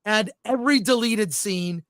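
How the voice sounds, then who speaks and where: A man's voice: high voice, measured pace, a bit bright, dry recording, clean studio sound. A man co-hosting a film podcast in casual, opinionated chat, reading out live chat comments as he goes. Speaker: podcast co-host.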